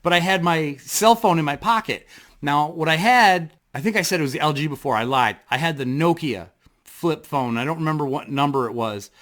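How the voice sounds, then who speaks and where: A man with a bright, forceful voice sitting pitched a touch high for a guy. He rambles through his story with plenty of fillers and casual swearing, excited and loose, talking to camera from his desk at home. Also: brisk. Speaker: vlogger. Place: home desk in front of a computer.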